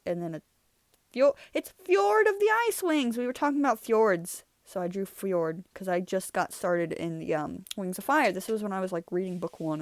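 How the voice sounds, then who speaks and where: A woman's voice: on the low side, dry recording. A young woman hosting her channel, chatting casually and rambling through her old drawings, laughing often. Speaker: channel host. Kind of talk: casual art review chat.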